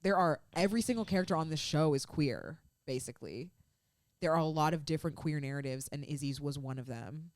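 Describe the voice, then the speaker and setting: A woman co-hosts a casual fan podcast, talking through scenes she loved in a rush of feeling. Her voice sits low, and the sound is dry and close. She strings thoughts together with plenty of "like.". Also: brisk, darkish tone, no echo. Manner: gushing, emotional recap with many "like" fillers. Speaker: podcast co-host.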